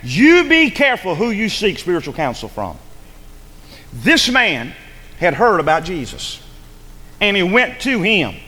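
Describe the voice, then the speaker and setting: A man's voice: high-pitched, huge pitch swings, measured pace, pauses often, pushed and bright, in a large hall. A male pastor preaching a sermon in a church, urgent and rhetorical, pressing his listeners with repeated questions. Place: church sanctuary.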